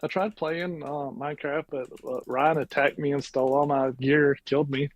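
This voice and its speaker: A man's voice: fairly high pitch, steady tone, moderate pace, no echo, dull audio. A man joining a game stream as a guest, chatting casually and teasing the host. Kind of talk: casual chat.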